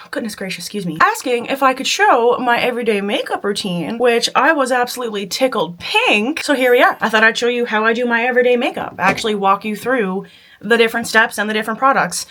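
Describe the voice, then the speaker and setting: A woman's voice: a little high, fairly bright tone. A woman at her makeup table chatting casually through a makeup tutorial, self-deprecating and laughing often. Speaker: beauty vlogger.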